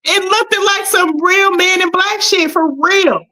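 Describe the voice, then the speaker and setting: A woman co-hosting a casual livestream chat, animated and swearing as she talks. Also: a little slow. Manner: animated, swears, exclaims in a high voice. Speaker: livestream co-host.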